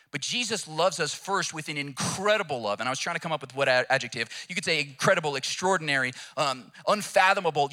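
Pastor, bright forceful tone, lively sermon delivery. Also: male voice, on the high side. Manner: animated, emphatic storyteller.

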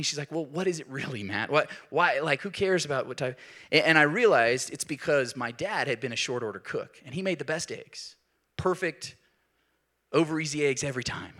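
A man preaching a sermon in an animated way, rising to emphatic peaks. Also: on the high side. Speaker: pastor.

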